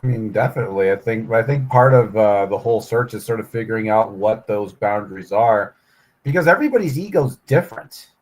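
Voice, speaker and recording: A man's voice: on the low side, expressive, brisk, a little mellow, rough recording. A man in a casual round table discussion, reflective and full of "you know" fillers.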